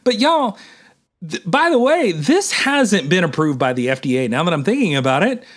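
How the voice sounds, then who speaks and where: Guy minister preaching, fairly high voice, swings all over in pitch, punchy and emphatic. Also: moderate pace. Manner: emphatic and animated, addresses listeners as y'all. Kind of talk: humorous sermon commentary.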